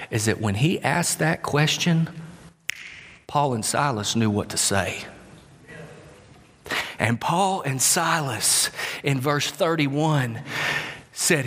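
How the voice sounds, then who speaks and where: A man preaching a sermon, emphatic, slowing to stress words and dropping at times to a whisper. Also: a little high, a bit bright. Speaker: pastor. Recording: long hall reverb.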